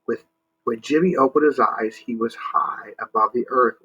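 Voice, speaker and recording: A man's voice: mid-range voice, moderate pace, sharp tone, husky, muffled recording. A male teacher reading a picture book aloud to children. He stops to explain words and asks the kids to join in.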